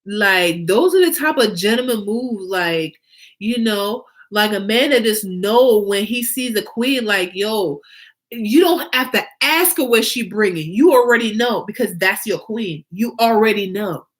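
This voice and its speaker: Woman doing a chill vlog rant, takes her time, mid pitch, keeps asking "you see?" and repeating herself for punch. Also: a little slow. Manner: emphatic and animated, with many rhetorical questions and fillers; repeats phrases for emphasis. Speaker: fashion designer and vlog host. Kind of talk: casual vlog monologue.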